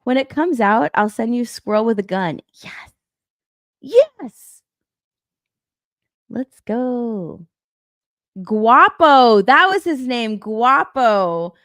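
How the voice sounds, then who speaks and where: A woman's voice: on the high side, lively intonation, slow pace, fairly bright tone, no echo, clean studio sound. A young woman chatting casually on a live stream, rambling and repeating herself, swearing and laughing. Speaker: stream co-host.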